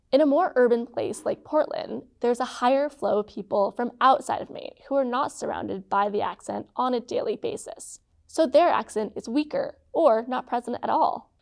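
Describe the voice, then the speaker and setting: A woman hosting and narrating a scripted explainer, with a clear, measured delivery. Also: a little high. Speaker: host.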